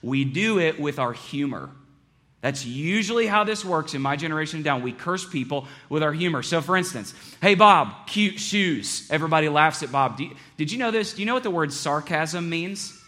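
A man's voice: fairly high pitch, lively intonation, brisk, a bit bright. A man preaching a sermon as a pastor, earnest and conversational, often repeating his phrases.

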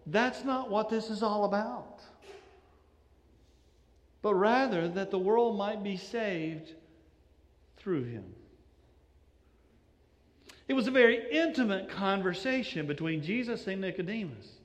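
A man's voice: high-pitched, expressive, slow, pauses often, in a large hall. A male pastor giving a sermon, telling stories and acting out the voices of the people in them. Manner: storytelling, acts out quoted voices, shifting inflection.

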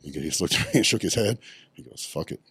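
A man's voice: deep voice, lively intonation, fast, a bit bright, breathy edge, no echo, studio quality. A middle-aged man, telling his story bluntly in a casual podcast interview, swearing often. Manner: blunt and profane, many ums. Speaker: podcast guest, retired bodybuilder.

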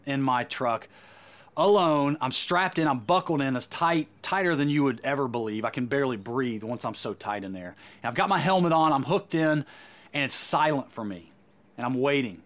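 A man delivering a sermon as a Christian speaker, earnest and emphatic, often repeating words as he goes. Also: medium pitch.

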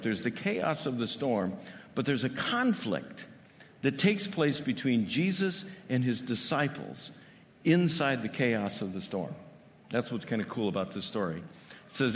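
A man's voice: medium pitch, long reverb tail. A male pastor giving a conversational sermon, full of rhetorical questions.

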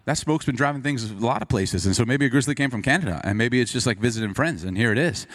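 Male pastor, sermon, animated storyteller, pitch swinging high and low, middling voice. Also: quick pace. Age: adult. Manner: animated, self-deprecating storyteller who turns quiet and earnest for scripture.

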